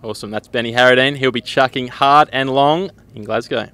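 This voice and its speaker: Male host, bright voice, cheeky interviewer. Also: mid-range voice, fairly quick. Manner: teasing, banter-filled questions. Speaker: sports interviewer. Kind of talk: jokey sports interview.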